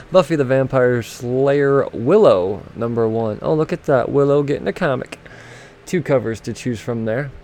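A man's voice: medium pitch, a little mellow. A man chatting casually and rambling through a list of upcoming comics, swearing now and then and laughing at himself. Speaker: comic book vlogger.

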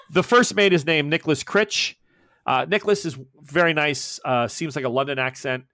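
A man's voice: on the high side, wildly swooping pitch, moderate pace, pushed and bright, no room sound, studio quality. Rambling man narrating as game master. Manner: rambling, many fillers and self-corrections.

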